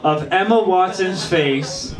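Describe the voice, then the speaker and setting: A young man with a fairly high voice tells rambling, self-deprecating stories on stage. He is recorded in an echoey little bar, and a lively crowd is clearly heard around him. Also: takes it slowly. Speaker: stand-up comedian. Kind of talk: stand-up comedy set. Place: small bar with live crowd. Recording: echoey room, crowd noise.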